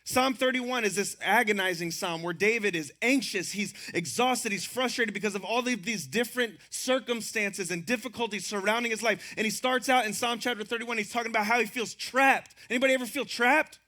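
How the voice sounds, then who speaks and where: A man in his thirties preaching a sermon as pastor, telling stories with quoted voices and laughter, and dropping to a hushed tone for scripture. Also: fairly quick, hardly any pauses. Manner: storytelling, acts out quoted voices, laughs often; drops to a hushed low voice for scripture.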